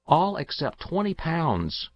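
Man voicing a grave young boy, earnest and confiding, lifted pitch, lively intonation, gravelly edge, dry dull audiobook sound. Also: slow, dry recording, full character voice. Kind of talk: audiobook reading.

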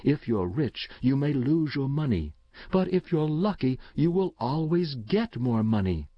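A man voicing a weary mother who speaks slowly and bitterly, his voice lifted a little. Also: mid-range voice, very animated, dry recording, highs cut off, pitched above the performer's own voice. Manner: slow and bitter.

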